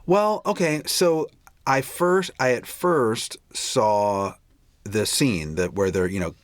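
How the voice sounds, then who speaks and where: A man's voice: mid-range voice, takes it slowly, no echo. A man co-hosting a podcast, chatting casually about a movie in a rambling, self-interrupting, wry way. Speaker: podcast co-host.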